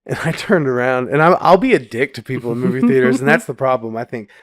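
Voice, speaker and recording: A man co-hosting a podcast, telling animated, profane stories in casual chat. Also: medium pitch, fast, no echo, studio quality. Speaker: podcast co-host.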